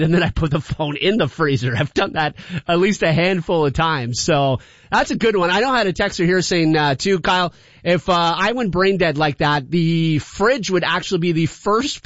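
A man's voice: fairly high pitch, normal speed, a bit bright, no echo, dull audio. A man hosting a call-in radio show, chatting in a rambling way and laughing often. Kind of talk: casual call-in radio chat.

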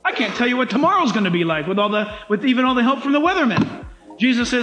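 A male pastor giving a sermon in an animated, emphatic style, with dramatic asides, in a church sanctuary. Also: very high voice, fast, soft background music. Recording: echoey room.

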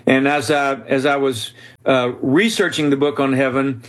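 A man's voice: mid-range voice, fairly even intonation, normal speed. A man telling a story as a guest in an interview, speaking earnestly and with animation, often restarting his sentences. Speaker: author and guest.

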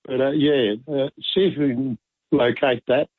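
A man's voice: medium pitch, steady tone, normal speed, slightly rough, dry recording. Hesitant man on a phone line. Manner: hesitant, lots of uh. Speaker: caller. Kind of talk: phone-in chat.

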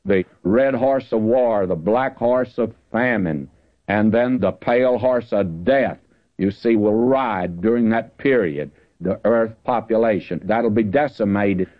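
A man teaching the Bible in a folksy, conversational sermon, slowing down to stress the verses he reads. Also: fairly low pitch. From Southern California. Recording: dull lo-fi radio broadcast.

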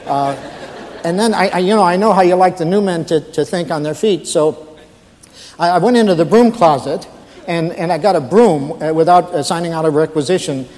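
Nervous night guard, stammering, overly polite, voiced by a man, somewhat high, reverberant hall. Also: fairly quick, darkish tone, close to an everyday voice. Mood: flustered. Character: nervous new male night guard phoning his boss. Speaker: comedian.

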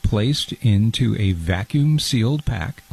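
A prim, easily wounded fondue enthusiast, as a man plays him in an improvised comedy bit. He talks in a low, gravelly and husky voice, stammering through earnest explanations. He sounds precious and fussy. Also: lively intonation, slow, darkish tone, full character voice. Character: fussy, fragile adult man called Fondue Guy.

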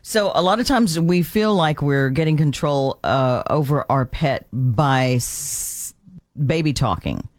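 A man's voice: on the high side, lively intonation, a little slow, dry recording, clean studio sound. A man hosting a talk show, chatting with a guest and telling anecdotes, laughing often. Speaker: host. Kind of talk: casual interview.

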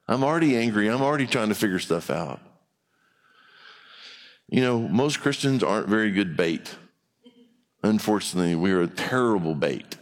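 A man's voice: fairly low pitch, lively intonation, moderate pace, pauses often. A man preaching as a pastor, reading scripture aloud and then talking it through in a loose, conversational way. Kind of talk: sermon. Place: church sanctuary. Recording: long hall reverb.

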